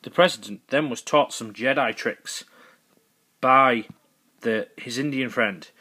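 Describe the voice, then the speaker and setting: A man's voice: mid-range voice, slow, bright, forceful tone, husky. A man improvising a goofy, rambling comic story as narrator, correcting himself as he goes.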